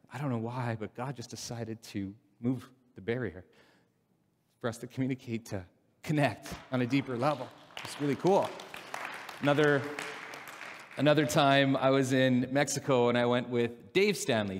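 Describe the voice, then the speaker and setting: A man preaching a casual, story-driven sermon in a church, animated and laughing at his own anecdotes. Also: mid-range voice, moderate pace, some chatter behind. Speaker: pastor. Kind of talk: conversational sermon with stories. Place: church sanctuary. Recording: long hall reverb from a church.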